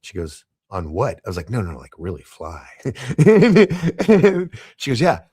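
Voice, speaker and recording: A middle-aged man, a podcast guest, telling animated anecdotes and acting out the dialogue in shifting voices. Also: medium pitch, a little slow, slightly rough, dry recording. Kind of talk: casual storytelling in a podcast interview.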